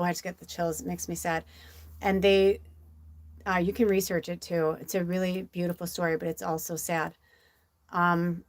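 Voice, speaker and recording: Emotional rambling woman medium. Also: lowish voice. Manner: rambling, heavy use of "like" fillers; emotional, close to tears. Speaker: psychic medium. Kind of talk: casual livestream storytelling.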